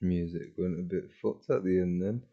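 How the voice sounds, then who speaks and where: A man's voice: low voice, steady tone, normal speed, warm tone, lo-fi sound. A man commentating on his game livestream, laid-back with laughing reactions. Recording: game music behind.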